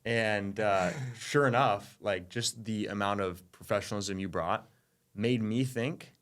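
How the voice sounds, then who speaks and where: Low-voiced enthusiastic male co-host. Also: unhurried, fairly bright tone. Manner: enthusiastic, lots of "you know". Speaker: podcast co-host. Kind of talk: casual chat.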